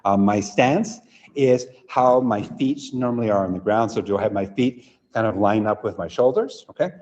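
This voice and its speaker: A man running a live online workshop for teachers, energetic and demonstrative, often checking in with "right?". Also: on the low side, normal speed, long reverb tail, highs cut off. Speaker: teacher trainer.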